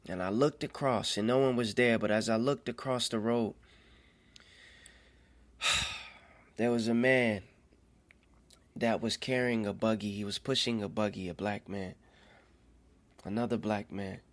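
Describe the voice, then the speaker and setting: A man telling a personal faith testimony in an earnest, halting way, often repeating phrases as he goes. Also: on the low side, fairly even intonation. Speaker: storyteller.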